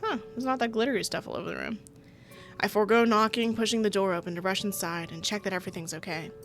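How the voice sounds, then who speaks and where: A woman's voice: medium pitch, fast, a bit bright, soft background music. A woman streaming a visual novel, reading it aloud with playful, giggly commentary. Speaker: gaming streamer.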